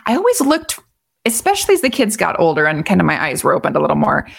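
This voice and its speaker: A middle-aged woman talking as a guest in a relaxed, thoughtful conversation. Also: sits low, fast, gravelly, slightly rough. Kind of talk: casual conversation.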